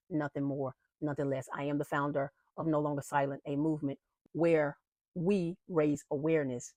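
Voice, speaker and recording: Lower-voiced woman sharing an earnest testimony. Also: warm tone, dry recording. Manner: earnest storytelling, repeats phrases for emphasis, addresses viewers as "y'all". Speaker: founder of an abuse-awareness movement, host. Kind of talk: personal faith testimony to viewers.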